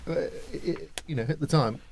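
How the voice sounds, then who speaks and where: A man's voice: a little high, normal speed, a little mellow, slight background noise. A man hosting an interview, prompting his guest with short questions and encouraging interjections. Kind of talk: conversational interview.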